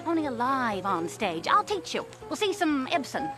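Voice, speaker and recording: An actress playing a witty, loquacious 1930s film star with a transatlantic accent, rattling off screwball banter. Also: female voice, sits high, sing-song, moderate pace, over music. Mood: gushing. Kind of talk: film drama dialogue.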